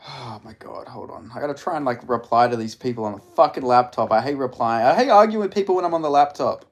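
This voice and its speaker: A man's voice: medium pitch, lively intonation, fast. A man, ranting and swearing indignantly as he hosts a live watch-along stream. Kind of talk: live stream reaction commentary.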